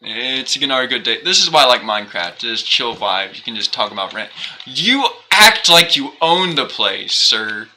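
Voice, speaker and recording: On a live gaming stream, a young man talks at a moderate pace in a medium-pitched voice, rambling and questioning himself between frequent laughs. He sounds animated and casual, though the audio quality is poor.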